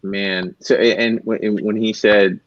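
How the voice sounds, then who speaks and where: A man in relaxed casual chat, reacting and asking questions. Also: on the low side, measured pace, dry recording. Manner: laid-back reactions and questions. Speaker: podcast co-host. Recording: dry, dull lo-fi sound.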